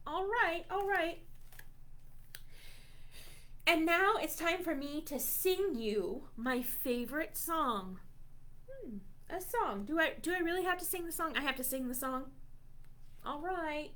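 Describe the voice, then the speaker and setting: A woman librarian reads a silly storytime book to small children in a high-pitched, slightly bright voice with lively intonation. She goes slowly, with long pauses, and plays along with mock indignation at the text.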